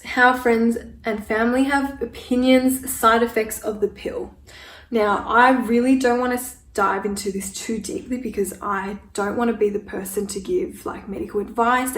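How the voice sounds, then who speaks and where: A woman in her twenties doing a get-ready-with-me Q&A while applying makeup, speaking candidly and growing emotional. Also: mid-range voice. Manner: candid, emotional, tearful at times. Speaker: beauty vlogger. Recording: echoey room from a distance with faint noise.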